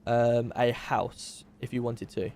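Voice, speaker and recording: A man's voice: medium pitch, fairly even intonation, slow, darkish tone. A man playing a methodical male police interviewer in a game role-play, carefully recapping and double-checking each detail.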